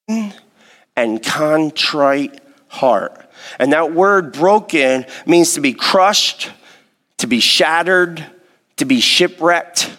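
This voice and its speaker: A man's voice: fairly high pitch, a bit bright. A man preaching a sermon, reading scripture and earnestly asking the congregation questions. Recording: long hall reverb.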